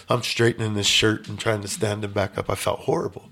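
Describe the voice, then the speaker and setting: Man, low voice, gravelly fry, blunt, emphatic, casual storytelling guest. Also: level tone, a little fast, pushed and bright. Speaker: podcast guest.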